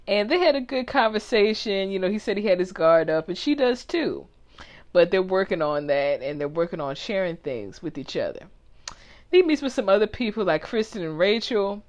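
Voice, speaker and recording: A woman's voice: lowish voice, lo-fi sound. A woman co-hosting a casual talk show, recapping a reality TV episode and laughing often as she talks. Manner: laughs often, chatty storytelling. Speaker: podcast co-host.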